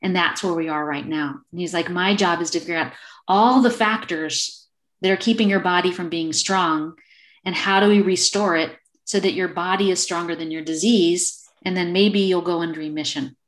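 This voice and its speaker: A woman in her fifties, a podcast guest telling a personal story in a casual, animated way over a remote call. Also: on the low side, moderate pace. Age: 50s. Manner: animated, acts out quoted dialogue.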